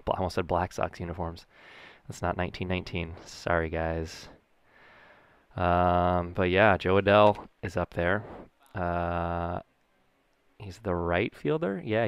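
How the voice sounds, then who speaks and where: Low-voiced, clear, jokey young man. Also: no echo. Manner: goofy, rambling, jokey asides. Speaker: gaming YouTuber. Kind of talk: casual gameplay commentary.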